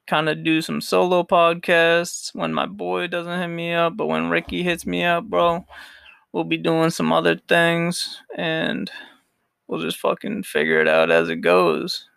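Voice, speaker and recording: A young man hosts a casual solo podcast, rambling through a story with plenty of swearing and frequent laughter. His voice is on the high side and heavily gravelly with fry, and it swings widely in pitch. The sound is close and dry. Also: a bit bright, no room sound. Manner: rambling, profane, laughs often. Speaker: podcast host.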